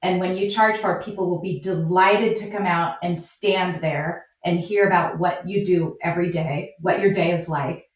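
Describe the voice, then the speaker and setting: A flower farmer and business coach appears as a podcast guest, speaking in a low, steady voice at normal speed with few pauses. She's upbeat and encouraging in the interview and acts out quoted voices, though her remote audio sounds echoey and distant.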